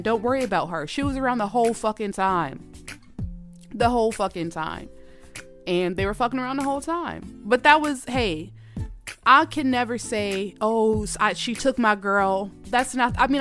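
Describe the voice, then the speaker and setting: Heated, profane woman telling a story. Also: on the high side. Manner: animated, profane, gets loud and heated. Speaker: podcast host. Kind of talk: casual storytelling rant.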